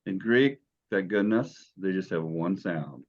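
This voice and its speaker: A man's voice: low-pitched, animated, unhurried, darkish tone, dull audio. A man teaching a beginners' Greek class, explaining letters and sounds patiently, step by step. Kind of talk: classroom lesson.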